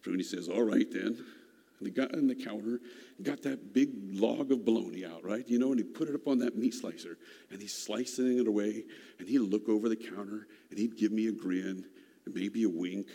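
A man telling a personal childhood story in an unhurried, folksy, reflective way, heard in a reverberant hall. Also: on the low side, dark tone.

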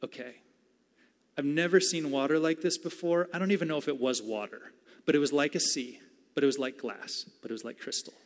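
A man voicing an awestruck man who recounts a vision, hesitant and groping for words, speaking softly. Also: fairly high pitch, a little fast, lightly acted. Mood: awed. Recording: long hall reverb.

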